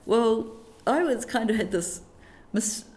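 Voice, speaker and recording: A middle-aged woman from New Zealand, a teacher educator telling stories in an interview, animated and self-deprecating, fond of quoting little sayings. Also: fairly high pitch, takes it slowly. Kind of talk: reflective conversational interview.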